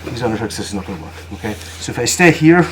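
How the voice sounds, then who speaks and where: A man leads a jiu-jitsu class at a retreat, explaining each move while he demonstrates it. His speech comes in short, halting bursts, and he keeps checking in with his students. The recording carries clear background noise from the training room. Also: fairly low pitch, sing-song. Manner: chatty, checks in with "okay?" often; talks while moving on the mat, halting phrases. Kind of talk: live technique demonstration.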